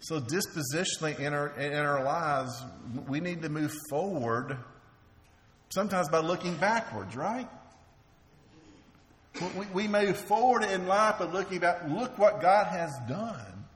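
A man's voice: a little high, lively intonation, a little slow. A man preaching a sermon in an earnest way, often repeating words as he restarts. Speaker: preacher and teacher. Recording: echoey hall with faint ambience.

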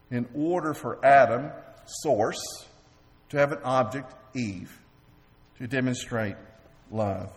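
A man preaching a sermon as pastor, halting and repeating words while he asks the congregation questions. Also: medium pitch. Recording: long reverb of a large hall.

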